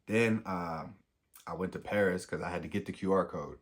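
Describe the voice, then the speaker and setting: An American man, a young adult, telling a casual story in an animated, slangy way and acting out the dialogue. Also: low-pitched, normal speed. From United States. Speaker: vlogger.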